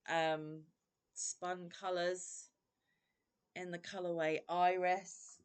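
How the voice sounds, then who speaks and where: Woman, vlogger; effusive and exclamatory, slightly low pitch. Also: little pitch movement, drawn-out words, clear, resonant tone. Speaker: crochet vlogger. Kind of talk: unboxing vlog.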